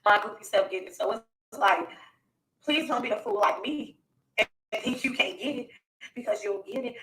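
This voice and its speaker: A woman's voice: on the high side, normal speed, echoey room, distant mic, background noise. A woman speaking on a live stream, earnest and pleading, repeating her warnings. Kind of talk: emotional live-stream address.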